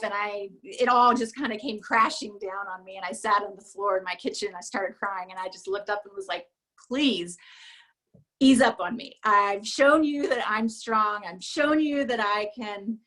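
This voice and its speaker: A woman giving a talk, telling a personal story in an emotional, halting way and dropping to a hush at the saddest parts. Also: a little high. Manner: emotional, halting, drops to a hush at sad moments. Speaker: speaker at a business event.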